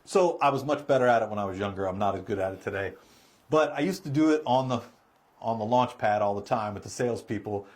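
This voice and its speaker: A middle-aged man, a car sales trainer, telling a story in a casual, animated way and laughing as he goes. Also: on the low side, fast.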